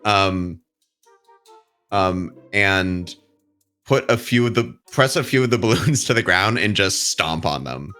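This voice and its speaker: A man's voice: deep voice, lively intonation, slow, pushed and bright, clear, resonant tone, faint music behind. A man playing a tabletop game, describing his character in a hesitant, playful way. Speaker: player. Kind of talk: tabletop role-play, casual.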